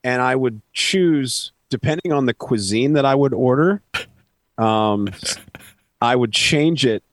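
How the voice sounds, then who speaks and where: A man's voice: medium pitch, takes it slowly, dry recording. A man in a casual interview, telling stories in a joking, self-deprecating way. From Canada. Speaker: band vocalist, guest.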